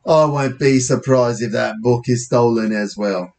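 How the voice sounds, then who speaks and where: A man voicing a stern, smug police officer in an audiobook, speaking gruff and measured. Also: medium pitch, a little mellow, natural voice.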